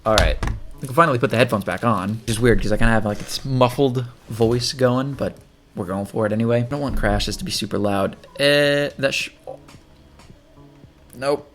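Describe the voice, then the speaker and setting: A man with a gravelly, fry-edged voice talks his way through a video game in easy, chatty commentary. He thinks aloud as he plays, and faint game music runs underneath. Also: mid-range voice, normal speed, fairly bright tone. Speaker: gaming channel host. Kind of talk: casual gameplay commentary.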